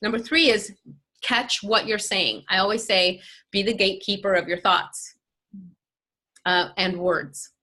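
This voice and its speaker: A woman's voice: medium pitch, measured pace, pushed and bright. A woman life coach talking in an interview, emphatic and motivational, often acting out quoted voices.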